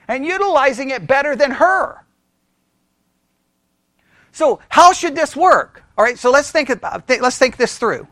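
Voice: sits high, a bit bright, no echo, clean studio sound. A Bible study teacher who speaks with energy, keeps asking the listeners questions and checking in with "right?", and thinks aloud with restarts.

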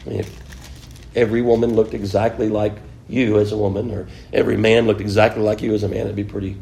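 A man with a lowish, creaky, mellow voice gives an informal Bible lesson, chatting with his class and asking them questions. He fills gaps with plenty of "you know," and there's slight background noise.

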